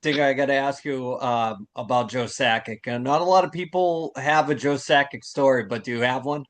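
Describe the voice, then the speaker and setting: A man hosts a podcast, posing casual questions in a relaxed, conversational tone. His voice sits at an ordinary pitch. He sounds slightly set back from the microphone. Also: moderate pace. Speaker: podcast host.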